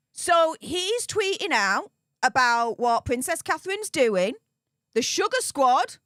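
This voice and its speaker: Woman hosting a livestream, high voice that bounces all over, mocking and gleeful, lively tone. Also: no echo, studio quality. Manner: animated and mocking, gleefully teasing. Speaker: livestream host. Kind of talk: casual live commentary.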